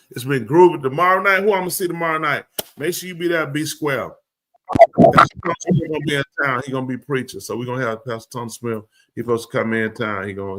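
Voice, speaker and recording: Man hosting a live show, bright punchy voice, aave, goofy and repeating himself. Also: mid-range voice. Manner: playful, repeats words, drawling and animated. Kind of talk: casual live-stream banter.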